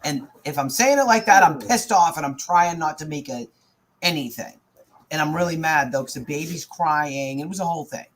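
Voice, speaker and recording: A woman's voice: low voice, normal speed, a little hiss or hum. A woman, a mother, bluntly telling a heated story in casual chat at home, with some swearing.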